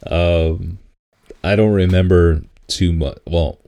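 A man with a very low voice talks slowly in a relaxed, casual chat. He laughs easily and stumbles over repeated words when something amuses him. The tone stays easygoing and unhurried. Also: vocal fry.

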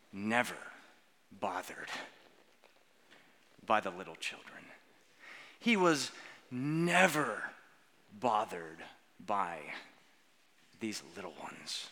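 A man preaching a sermon with earnest emphasis, slowing down on key words and putting questions to the children. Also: mid-range voice, sharp tone. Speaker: pastor. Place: church sanctuary. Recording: long church reverb.

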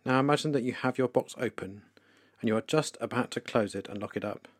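A man leading a guided meditation for listeners, speaking slowly, calmly and softly with pauses. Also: mid-range voice, no echo, studio quality. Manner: slow, calm, soft-spoken with pauses. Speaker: devotional leader.

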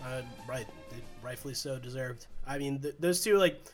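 A man's voice: mid-range voice, normal speed, over music. A man co-hosting a sports podcast in casual chat, rambling and restarting sentences, laughing easily. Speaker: podcast co-host.

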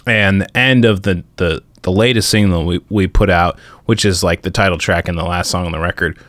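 A man's voice: deep voice, steady tone, brisk, a bit bright, no echo. A man in casual podcast chat, laid-back and laughing often, full of filler words, talking while he eats. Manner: talks while eating. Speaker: musician guest.

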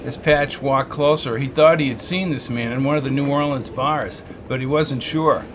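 Steady male audiobook narrator. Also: medium pitch, normal speed, noisy background. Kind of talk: scripted narration.

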